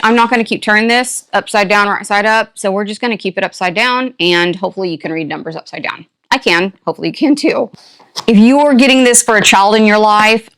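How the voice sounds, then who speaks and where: An older woman hosting a casual unboxing, chatty and playful with quick asides and a jokey put-on country twang. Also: medium pitch, fairly bright tone. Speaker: unboxing channel host. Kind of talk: casual product unboxing chat.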